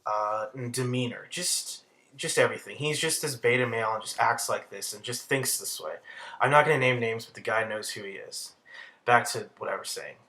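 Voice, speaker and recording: A man's voice: mid-range voice, sharp tone. A young man giving casual, rambling video commentary with heavy swearing and crude asides. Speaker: commentary channel host.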